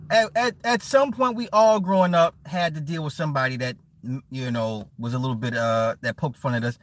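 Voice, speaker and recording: Live on stream, a man with a higher-pitched voice reads chat messages and talks briskly. His banter is blunt and profane, with frequent laughs and words repeated for emphasis.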